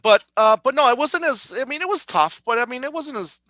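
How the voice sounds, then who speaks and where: A man co-hosting a podcast, chatting in a relaxed, agreeable way. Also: very high voice, fairly quick, no echo, low-quality recording. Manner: relaxed, agreeable, lots of fillers and backchannels. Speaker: podcast co-host. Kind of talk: casual chat.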